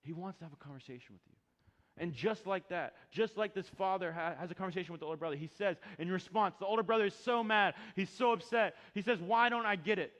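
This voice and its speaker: A young adult man, a pastor, preaching a sermon and swinging between loud emphatic peaks and quiet low asides. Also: lively intonation, quick pace, in a large hall.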